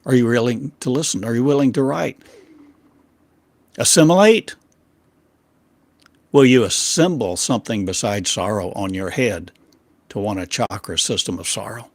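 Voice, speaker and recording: Man preaching in halting rhetorical questions. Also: no echo. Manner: declamatory, rhetorical questions in short halting phrases; swings between loud emphasis and quiet low drops. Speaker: spiritual teacher. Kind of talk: channeled sermon.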